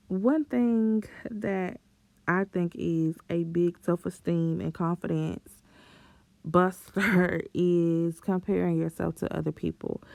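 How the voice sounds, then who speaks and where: A young woman vlogger with a warm, creaky, fairly low voice shares self-esteem advice directly to camera. She's chatty and supportive, repeatedly bursting into laughter and playful exclamations, and the recording is dry.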